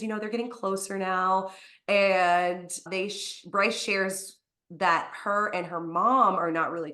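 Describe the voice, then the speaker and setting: A woman co-hosting a podcast, casually recapping a novel's plot in a chatty way, full of fillers and quick acted-out quotes. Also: lowish voice, fairly bright tone. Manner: chatty, lots of "like", acts out quotes. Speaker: podcast co-host.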